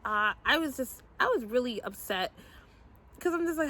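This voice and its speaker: Candid young mom telling a story. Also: female voice, a little high, expressive, moderate pace, pushed and bright. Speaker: mom vlogger. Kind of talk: storytime vlog.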